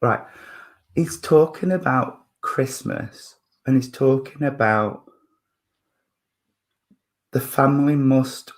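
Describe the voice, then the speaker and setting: Hesitant, gentle male spiritualist medium. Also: medium pitch, slow, pauses often. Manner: hesitant, full of fillers and restarts, apologetic, chuckling. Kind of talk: mediumship demonstration at a church service.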